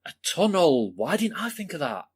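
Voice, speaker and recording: A man's voice: high voice, very animated, normal speed, breathy edge, full character voice. A man playing an overeager, pushy home makeover TV host, with a theatrical presenter's delivery. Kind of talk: sketch comedy acting.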